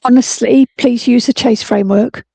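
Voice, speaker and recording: A woman's voice: on the high side, fairly even intonation, gravelly, mellow, breathy edge, dry recording. A woman, a school head, giving a blunt, earnest webinar talk over a computer mic on a video call. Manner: blunt, earnest, talks fast. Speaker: guest speaker, school head.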